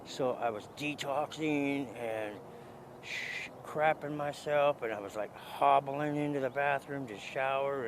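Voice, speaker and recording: A man's voice: medium pitch, unhurried. A man recounts his own story in a loose, rambling way, stumbling over restarts and leaning on "dude". His voice sits mid-range. Faint traffic hums behind him on a city street. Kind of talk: casual spoken storytelling.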